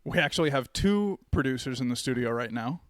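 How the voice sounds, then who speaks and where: A man's voice: mid-range voice, expressive, fairly quick, no room sound. A man co-hosting a podcast in a studio, talking in a rambling, joking way and laughing often. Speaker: podcast co-host. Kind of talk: casual podcast banter.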